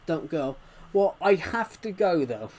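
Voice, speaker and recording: A man's voice: a little high, big pitch swings, a little slow, a little mellow, a little hiss or hum. A man casually chatting to viewers while streaming a game, rambling and restarting sentences as he reacts to the chat. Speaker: game livestreamer.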